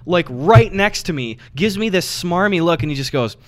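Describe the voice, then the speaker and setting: Man, podcast co-host, casual chat, animated, profane, very lively pitch. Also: normal speed. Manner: animated, profane, laughs while telling stories.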